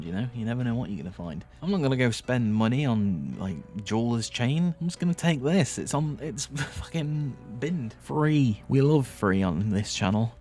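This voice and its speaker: A young man with a Northern English accent talks over his hobby footage in a loose, joking voice-over, swearing freely and teasing his viewers. His voice sits low. Faint music plays underneath. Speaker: miniature painting YouTuber. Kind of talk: casual voice-over narration.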